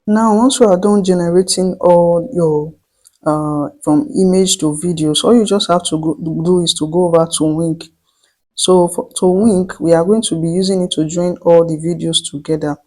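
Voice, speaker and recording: A tutorial host giving step-by-step instructions in a voice-over, with frequent restarts and slow dictation of prompts. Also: medium pitch, fairly even intonation, darkish tone, poor audio. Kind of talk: screen-recorded tutorial voice-over.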